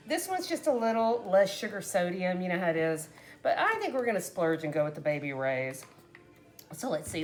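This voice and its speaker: A woman casually chatting to viewers while cooking at home, talking to them as "guys" and laughing often. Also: medium pitch. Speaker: cooking vlogger. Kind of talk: casual cooking chat to camera.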